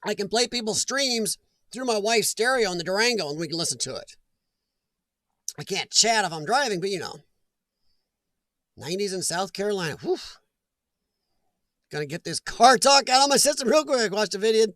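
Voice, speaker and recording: Middle-aged guy, high-pitched, dry close mic, easygoing stream host chatting with viewers. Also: lively intonation, moderate pace, long pauses, a bit bright, no room sound. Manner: chatty, laughs often, talks back to chat. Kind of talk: casual live-stream chat reading comments.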